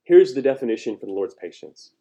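Guy preaching a sermon, mid pitch, keeps asking the church questions, gets loud and high on the big points. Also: very animated, fast, lo-fi sound. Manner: emphatic preaching with call-and-response questions; pitch and volume rise sharply on key points. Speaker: pastor.

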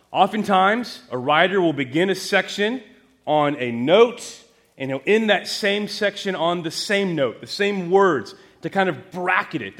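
A male pastor delivers an expository sermon in a fairly high voice with a lively, wide-ranging pitch. He peppers his teaching with rhetorical questions and swings between raised emphasis and quiet, hushed lines. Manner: jokes lightly with the congregation.

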